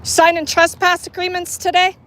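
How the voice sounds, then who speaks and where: High, bright-voiced heckling woman outdoors. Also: monotone, moderate pace, slight background noise. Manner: profane, heckling and sarcastic. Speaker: street activist filming police. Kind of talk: confrontational street filming. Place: outdoors on a city street.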